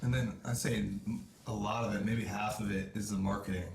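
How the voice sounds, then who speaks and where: A young man hosting a casual interview, with a relaxed manner and quick reactions. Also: fairly low pitch. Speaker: podcast host. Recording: echoey room with clear noise.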